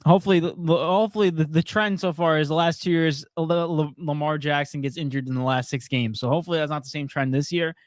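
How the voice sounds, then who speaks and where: A young man with a slightly high voice co-hosts a sports chat in a laid-back, chuckling way. He reads out viewer comments, and his voice sounds dry and close. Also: steady tone, quick pace, hardly any pauses, dry recording. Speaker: co-host. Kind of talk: casual sports podcast banter.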